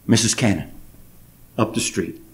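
A pastor, preaching a sermon and telling a personal story with emotion. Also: male voice, fairly low pitch, a little slow. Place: church sanctuary.

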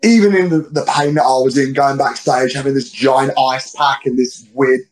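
A man's voice: mid-range voice, fairly even intonation, normal speed, rough recording. A man in his thirties with a London accent, a guest telling blunt, slangy, swear-laden stories in a casual interview. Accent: London English. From England. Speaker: guest wrestler.

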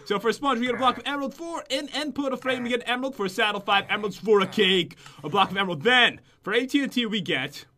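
A man's voice: very high-pitched, fast talker, few pauses, sharp tone. Joking man hosting a game video. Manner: jokey, punning, teasing. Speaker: gaming channel host. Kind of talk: casual let's play commentary.

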